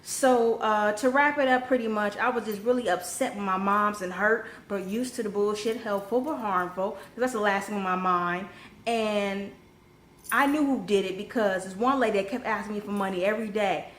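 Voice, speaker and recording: A young adult woman telling a personal story in a casual vlog, blunt and profane, with sudden animated rises when she gets heated. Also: mid-range voice, normal speed. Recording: echoey room with faint background noise.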